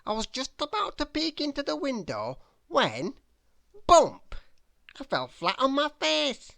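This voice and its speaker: Woman reading a bedtime story, super animated pitch, slow, dry close sound. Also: gravelly, dry recording. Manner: expressive, first-person storytelling. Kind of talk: bedtime story read-aloud.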